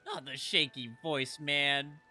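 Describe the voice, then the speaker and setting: A man's voice: fairly high pitch, slow, bright, forceful tone, soft background music. A male streamer chatting casually and rambling while reacting to a game. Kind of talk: casual live-stream commentary.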